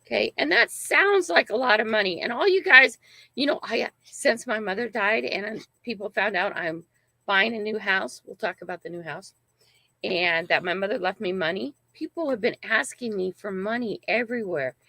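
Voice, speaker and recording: A woman's voice: medium pitch, normal speed, vocal fry, pushed and bright, dry recording. An older woman hosting a casual livestream, telling a family story in a rambling, emphatic way and often checking in with "right?". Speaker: channel host.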